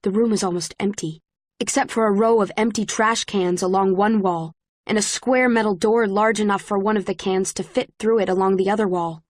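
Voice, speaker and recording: A woman reading a first-person story as an audiobook narrator, in a measured storytelling manner. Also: medium pitch, steady tone, no room sound, studio quality. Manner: measured, present-tense storytelling.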